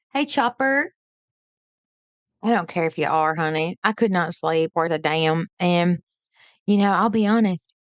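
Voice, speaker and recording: A woman's voice: on the low side, no echo. A woman, hosting a late-night live stream in a folksy, chatty way and greeting viewers by name.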